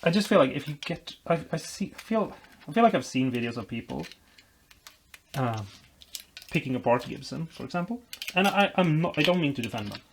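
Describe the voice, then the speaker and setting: A man's voice: on the high side, very animated, a little fast, creaky, a little hiss or hum. A man vlogging as he builds a guitar, explaining while he works, rambling and making self-deprecating jokes. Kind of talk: casual workshop tutorial chat.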